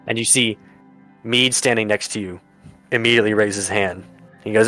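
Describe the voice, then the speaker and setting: A man's voice: fairly low pitch, level tone, a little fast, sharp tone, soft background music. A man narrating a tabletop game as game master and voicing its characters, with many fillers and restarts.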